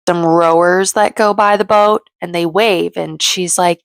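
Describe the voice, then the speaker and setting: A woman's voice: fairly low pitch, steady tone, a little slow, creaky, hardly any pauses, no room sound. A woman recapping a reality show in a chatty, opinionated way, acting out the quotes. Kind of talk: casual commentary recap.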